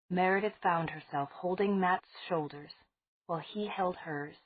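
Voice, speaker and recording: A woman narrating an audiobook in a measured, unhurried reading. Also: lowish voice, slightly rough, no room sound. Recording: tinny phone-like sound.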